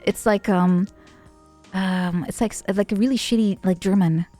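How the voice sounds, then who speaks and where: A woman VTuber chatting casually on stream, playful and giggly, with sudden bursts of excitement. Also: mid-range voice, moderate pace, no echo, soft background music.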